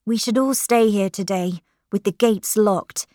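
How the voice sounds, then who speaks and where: A woman reading a storybook aloud, voicing a sixteen-year-old girl with a bright, eager voice. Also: medium pitch, measured pace, dry recording, studio quality, voice pushed up, natural voice. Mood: urgent. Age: teenager.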